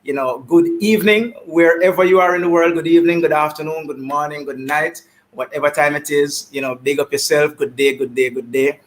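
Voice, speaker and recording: Hosting an online talk show via video call, a man with a Jamaican accent speaks briskly in a slightly high voice. He's lively and keeps returning to greetings and shout-outs.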